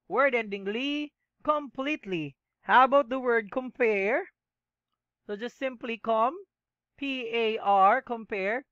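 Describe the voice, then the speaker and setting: A woman with a Filipino accent teaching a class, mixing English and Tagalog and slowly spelling out words letter by letter. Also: a little high, a bit bright, no room sound, muffled recording. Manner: slow and methodical, spells out letters one by one. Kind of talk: classroom lecture.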